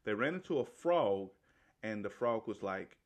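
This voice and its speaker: A man with a somewhat low voice talks his way through a movie plot in an easygoing, colloquial manner. He keeps restarting and correcting himself, checking in with a loose "right?" as he goes. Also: animated, unhurried. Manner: rambling, with frequent restarts and self-corrections. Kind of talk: casual retelling of a movie plot.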